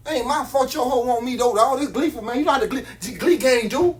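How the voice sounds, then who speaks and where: A man's voice: extremely high pitch, fast talker. A man, selling jewelry on a phone live stream, boastful and slangy, repeating his hype lines.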